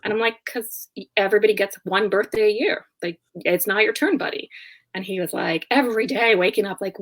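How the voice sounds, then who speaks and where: A woman's voice: medium pitch, a little fast, a bit bright. A young woman, a guest in a casual interview, telling stories and acting out both sides of conversations, often laughing as she talks. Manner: laughs often while talking. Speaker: guest, online business owner.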